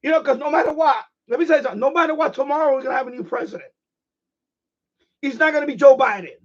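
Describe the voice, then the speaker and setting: A man with a strikingly high voice hosts a ham radio live stream, talking casually. He rants with heavy swearing and hammers his points home by repeating them. The audio sounds dull and lo-fi. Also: quick pace. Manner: profane, emphatic, repeats phrases.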